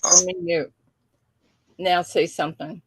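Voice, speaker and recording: A woman's voice: fairly low pitch, flat delivery, unhurried, noisy background. An older woman hosting a casual livestream chat, chatty and laughing as she fusses with her settings. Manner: chatty, laughing, fussing with tech. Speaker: livestream host.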